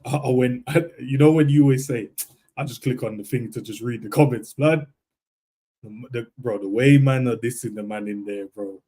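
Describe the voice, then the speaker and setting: Mellow-voiced young man. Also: mid-range voice, normal speed. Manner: laid-back, slangy, laughs easily. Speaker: football podcast co-host. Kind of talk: casual chat.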